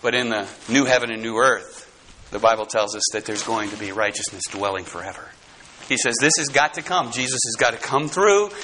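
A man preaching a sermon to his congregation, dramatic, swinging from loud emphasis to hushed tones. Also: mid-range voice, animated, a little fast, slight background noise, low-quality recording. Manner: speaks straight to the congregation.

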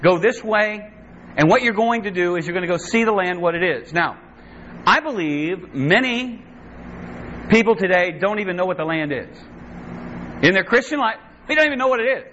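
A man preaching a sermon as pastor, emphatic, with repeated refrains and lively quoted asides. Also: high-pitched, moderate pace. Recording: slightly dull sound with faint noise.

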